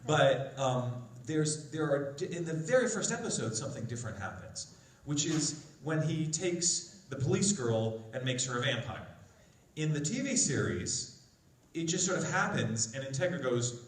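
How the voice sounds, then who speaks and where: A man's voice: medium pitch, animated, normal speed. A voice actor telling behind-the-scenes stories on a convention panel. He talks animatedly and acts out the voices of the people he quotes. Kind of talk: anecdotal panel storytelling. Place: large convention hall. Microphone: phone recording from the audience. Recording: roomy, distant hall sound with faint crowd ambience.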